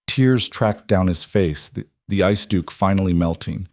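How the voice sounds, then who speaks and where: A man narrating a romance story in a measured, dramatic way. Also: low voice, darkish tone, dry recording, clean studio sound.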